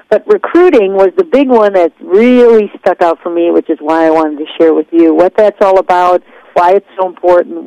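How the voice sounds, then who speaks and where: A woman's voice: lowish voice, gravelly, dark tone, dry recording. Woman firing rhetorical questions on a call. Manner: fires off strings of rhetorical questions. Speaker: network marketing team leader. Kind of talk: coaching conference call. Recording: dull, dry phone-line conference call.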